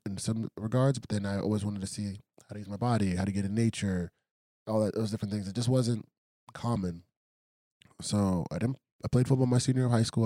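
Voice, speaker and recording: A man's voice: lowish voice, dark tone, no room sound, clean studio sound. A young adult man, a professional fighter, telling stories in a casual interview and acting out quoted lines with animation. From United States, raised by Congolese immigrant parents.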